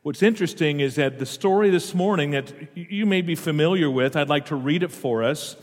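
A pastor with a slightly high, somewhat quick voice preaches a sermon, reading scripture aloud and pausing often to explain it and question the congregation. A long hall reverb surrounds him.

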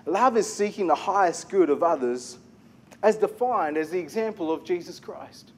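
A man preaching a sermon as pastor, animated, asking the congregation questions and repeating key phrases. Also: high-pitched, normal speed.

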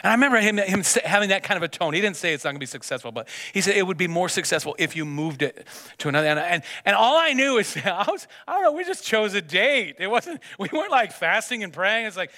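Brief: male pastor, sermon, bright forceful tone, stammers and restarts, long church reverb. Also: sits high, big pitch swings, quick pace. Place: church sanctuary.

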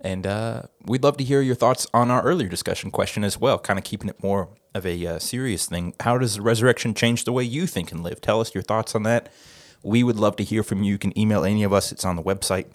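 A man's voice: lowish voice, fast, few pauses, dry recording, studio quality. A man hosting a casual podcast chat, laid-back and laughing between phrases. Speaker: podcast host.

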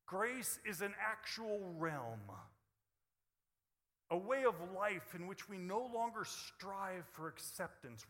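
Emphatic preacher man in an echoing hall. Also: sits high. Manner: emphatic, swings between quiet intimacy and loud bursts. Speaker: pastor. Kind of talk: sermon.

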